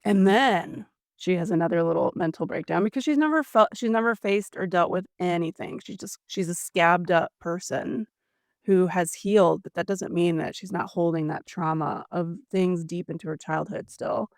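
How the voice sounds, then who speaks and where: A woman's voice: lowish voice, normal speed, dry recording. Woman podcast cohost recapping a story, chatty, dry close sound. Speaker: podcast co-host. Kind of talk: casual chat.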